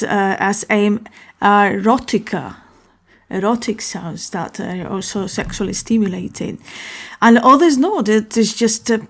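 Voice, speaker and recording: Woman host, casual solo talk, unhurried, mid-pitched, rambling, self-correcting. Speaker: podcast host.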